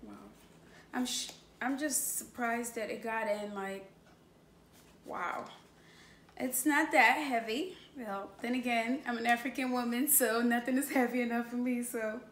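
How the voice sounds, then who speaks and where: This YouTuber, a woman in her late twenties, gushes over a new camera she's unboxing for her vlog, exclaiming often and laughing between remarks. Her voice is fairly high and a bit bright, steady in tone and a little slow, captured indoors in an echoey room with faint noise.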